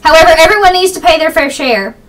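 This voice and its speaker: A young woman vlogging casually about politics, talking quickly and rambling with strong opinions, her voice a little froggy. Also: extremely high pitch, animated. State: slightly froggy voice. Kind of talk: fast casual political vlog. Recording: distant camera mic.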